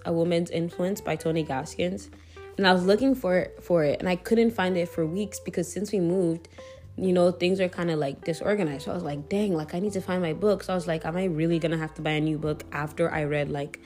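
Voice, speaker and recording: A young woman talks casually as a faith podcast host, her voice sitting on the low side. She rambles warmly with fillers and restarts. Faint guitar music plays underneath. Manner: chatty, relaxed, frequent fillers and self-corrections.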